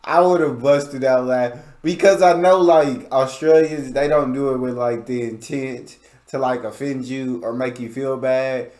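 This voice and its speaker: A man's voice: mid-range voice, steady tone, a little slow, a little mellow, reverberant. A man from the United States hosting a reaction video in a casual way, full of fillers like "like" and "you know what I'm saying".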